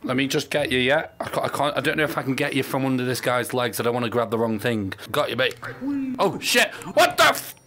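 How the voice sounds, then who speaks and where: A man with a raspy, hoarse voice from being ill, joking and swearing excitedly as he commentates a game. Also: medium pitch, quick pace. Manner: excitable, joking, swears often, bursts of shouting. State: hoarse from illness. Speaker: gaming video host. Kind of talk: casual gameplay commentary.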